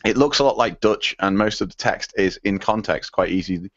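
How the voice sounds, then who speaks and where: A man's voice: on the low side, moderate pace, dry recording, dull audio. A man co-hosting a podcast in casual chat, reading out listener emails with many fillers and laughs. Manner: rambling, lots of fillers and laughs. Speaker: podcast co-host.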